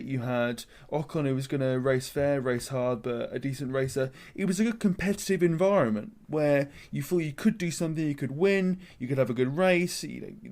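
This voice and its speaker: Animated man chatting. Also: mid-range voice. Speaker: podcast co-host. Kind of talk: casual chat, reading news.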